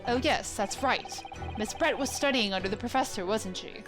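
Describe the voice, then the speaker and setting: A woman's voice: a little high, expressive, normal speed, close to an everyday voice. Brief: unsure young male defense lawyer in a game, read by a woman, questioning tone, game music behind. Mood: puzzled.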